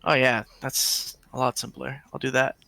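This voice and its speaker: Gravelly, bright-voiced man playing. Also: mid-range voice, flat delivery, moderate pace, no room sound. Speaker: player. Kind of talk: casual tabletop play.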